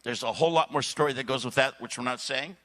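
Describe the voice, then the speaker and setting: A man speaking at a church service, telling a long story with lively asides and frequent throat clearing. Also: medium pitch, quick pace. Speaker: guest speaker. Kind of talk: sermon storytelling.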